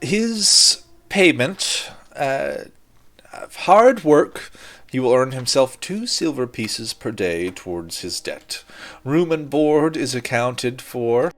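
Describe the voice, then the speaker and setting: A man voicing a formal, courteous wealthy male employer in a tabletop game, speaking in slow, measured, polite phrases. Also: mid-range voice, very animated, a bit bright, soft background music, pitched above the performer's own voice.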